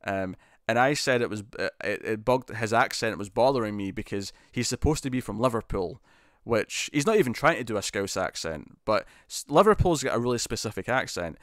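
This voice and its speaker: A young man chatting casually on a live stream, reading out and answering viewer comments with plenty of ums and easy laughs. His voice sits fairly low and sounds smooth and resonant, close-miked in a dry, dead room. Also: lively intonation, a little fast, hardly any pauses, no echo. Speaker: host. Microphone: studio mic with pop shield.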